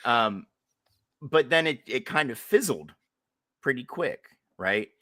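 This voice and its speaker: A man hosting a casual sports podcast, talking forcefully with sarcastic asides. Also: medium pitch, expressive, slow pace. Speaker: podcast host.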